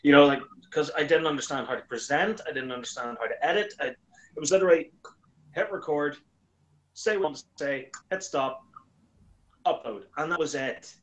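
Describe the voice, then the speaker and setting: A man chatting casually as a guest, an animated storyteller who acts out quoted lines in a higher voice. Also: brisk, a little hiss or hum, poor audio. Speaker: YouTuber guest. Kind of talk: casual chat.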